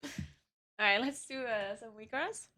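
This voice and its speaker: Bright-voiced woman streamer thinking aloud. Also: on the high side, lively intonation, measured pace. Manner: chatty, thinking aloud, laughs often. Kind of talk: casual live-stream chat while gaming.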